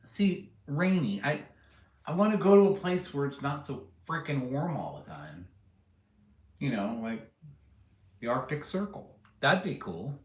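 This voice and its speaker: A man's voice: medium pitch, very animated, unhurried, reverberant. A man hosting a casual livestream, rambling and joking with viewers and laughing at his own stories. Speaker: livestream host chatting with viewers. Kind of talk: casual rambling live chat.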